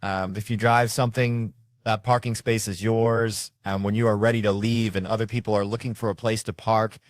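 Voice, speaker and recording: Low-voiced man musing on stage. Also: little pitch movement, normal speed, dry recording, studio quality. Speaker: stand-up comedian. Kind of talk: stand-up storytelling.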